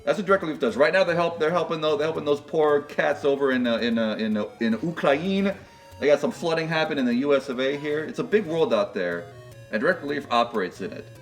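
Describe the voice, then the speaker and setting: A man's voice: a little high, animated, quick pace, far from the mic, faint music behind. A young man co-hosting a charity livestream, chatting casually in a rambling, jokey way full of fillers. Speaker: charity stream co-host.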